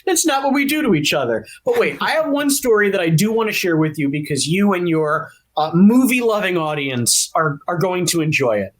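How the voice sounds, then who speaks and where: A man with a high voice tells a story on a podcast as a guest. He is animated and talkative. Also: fairly quick, hardly any pauses. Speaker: actor guest. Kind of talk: podcast interview anecdote.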